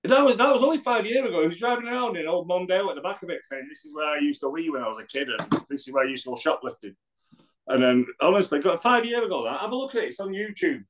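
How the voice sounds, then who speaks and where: Bloke, pitched a bit high, laughing and telling stories in loose banter. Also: male voice, expressive, quick pace, a bit bright, low-quality recording. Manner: laughing, jokey storytelling with mimicked quotes. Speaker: guest. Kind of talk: casual banter.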